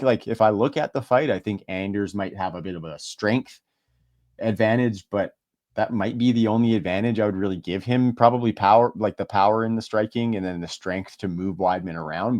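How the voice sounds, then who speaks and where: A man with a fairly low voice co-hosts a casual sports podcast. He sounds relaxed and joking, and thinks aloud with plenty of fillers. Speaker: podcast co-host.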